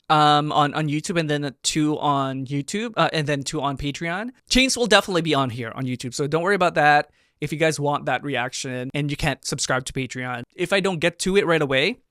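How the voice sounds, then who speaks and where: Bright-voiced excitable man reacting to dance. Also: fairly high pitch, smooth, dry recording, studio quality. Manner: excitable, gushing, bursts of shouting and laughter. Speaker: reaction video host. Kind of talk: animated reaction commentary.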